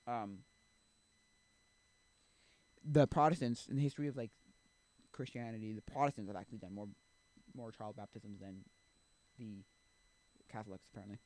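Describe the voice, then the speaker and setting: A man with a lowish voice streams at a moderate pace, leaving long pauses, and the audio has no echo. He rambles casually about faith, full of fillers, often breaking off and restarting his sentences. When he acts out quotes, his voice lifts suddenly and grows animated.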